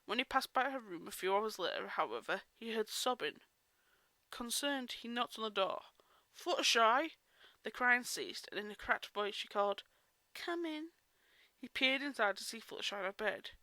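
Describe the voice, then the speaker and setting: A woman's voice: mid-range voice, expressive, normal speed, sharp tone, dry recording. A woman reading a story aloud in a casual way, breaking off for chatty asides and correcting herself. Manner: chatty asides, self-interrupting. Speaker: reader of fan fiction.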